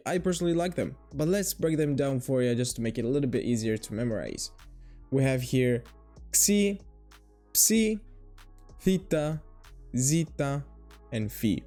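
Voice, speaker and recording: A man's voice: medium pitch, warm tone. A man giving a playful, jokey video lesson on his alphabet, swearing now and then. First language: Greek. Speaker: language teacher.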